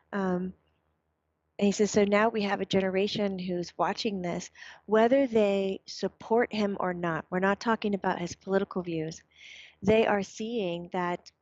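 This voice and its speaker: A woman's voice: mid-range voice, no echo. Chatty woman with a dull, dry recording. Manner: relays quotes in a chatty, animated way with fillers. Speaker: medium relaying her son's words. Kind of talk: casual chat.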